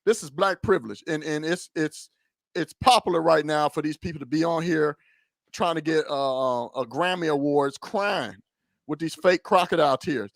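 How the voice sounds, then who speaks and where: A man hosting a political talk show, animated and mocking, often stumbling over his words. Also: fairly high pitch, normal speed, no echo, studio quality. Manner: animated, mocking, stammering restarts. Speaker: podcast host. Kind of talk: heated political commentary.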